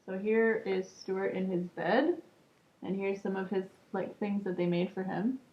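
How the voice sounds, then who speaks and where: A woman reading a children's book aloud calmly, adding casual asides. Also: mid-range voice, unhurried. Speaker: storybook reader. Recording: echoey room, muffled lo-fi sound.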